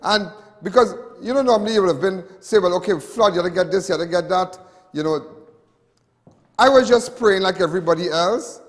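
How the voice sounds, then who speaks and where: A man's voice: high voice, a little fast, big-room sound. A man with a Trinidadian accent hosting a live TV talk show, rambling in a chatty way with many restarts and asides. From Trinidad and Tobago. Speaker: host.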